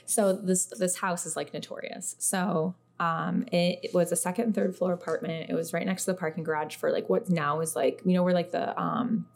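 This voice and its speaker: Low, gravelly-voiced woman telling a story. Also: normal speed, few pauses. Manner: animated storyteller, heavy use of "like", acts out quoted speech. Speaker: podcast guest. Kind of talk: casual podcast chat, storytelling.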